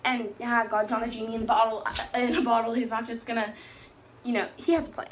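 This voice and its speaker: A teenage girl talks casually in a slightly high voice. She rambles and restarts her sentences, chatty and open as she shares a personal story about faith. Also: steady tone, a little fast, a little hiss or hum. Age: teens. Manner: chatty, rambling, self-correcting. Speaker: faith vlogger.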